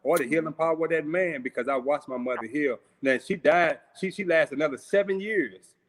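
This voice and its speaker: A man's voice: on the high side, fairly quick, fairly bright tone. A middle-aged man from St. Louis tells a life story in an easy, conversational tone. He stumbles and repeats words, and he acts out the voices of the people he quotes. He is heard over a video call from his home. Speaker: guest. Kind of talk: personal storytelling.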